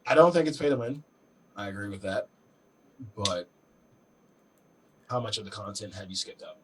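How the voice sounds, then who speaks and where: A man's voice: fairly low pitch, expressive, moderate pace, a bit bright, a little hiss or hum, rough recording. A man co-hosting a casual podcast with blunt, exasperated remarks. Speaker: podcast co-host.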